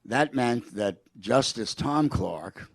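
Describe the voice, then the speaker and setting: A man's voice: mid-range voice, lively intonation, takes it slowly, creaky, slightly rough, dry recording. An older man telling anecdotes as a guest in a public conversation, with frequent restarts and quoted remarks. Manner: rambling anecdotes with restarts, quoting a president.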